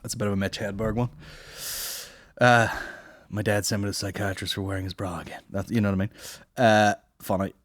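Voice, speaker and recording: A man's voice: on the low side, flat delivery, fairly quick, pauses often, no echo. Guy rambling on his comedy podcast, swears a lot, dry close sound. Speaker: podcast host. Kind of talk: casual comedy podcast banter.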